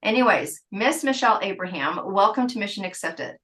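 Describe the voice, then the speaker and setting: A woman in her fifties hosting a podcast, talking in a chatty, animated way and stretching some phrases out. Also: mid-range voice, a little fast, rough recording. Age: 50s. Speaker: podcast host. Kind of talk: casual interview chat.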